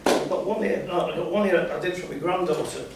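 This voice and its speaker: At an open mic, an older man from Scotland speaks at a quick pace in a high-pitched voice, reciting rhyming poems he wrote himself. Between pieces his talk is halting and rambling, captured by a distant mic in a very echoey space with faint noise.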